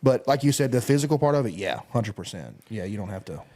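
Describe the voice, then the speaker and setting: A man's voice: fairly low pitch, sing-song, quick pace, mellow. Rambling man in casual chat. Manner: rambling, restarts, says 'you know what I mean'.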